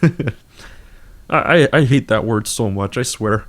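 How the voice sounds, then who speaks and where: A young man offers casual gameplay commentary on a stream, speaking slowly but animatedly in a mid-range voice. His chat is rambling, full of laughter and self-mockery, and runs through a desk microphone with auto-tune enabled.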